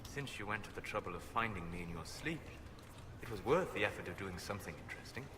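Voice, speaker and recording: A man voicing a calm, formal elf scholar. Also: fairly low pitch, close to an everyday voice. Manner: measured, formal, softly spoken. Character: calm male elf scholar, measured and aloof. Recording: game audio with ambient background noise. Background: game ambience.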